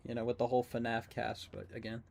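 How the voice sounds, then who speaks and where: A man's voice: medium pitch, completely flat delivery, creaky, a little mellow. Teasing man casting a game. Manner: joking, teasing, quick asides. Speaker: caster and player. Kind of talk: casual game commentary.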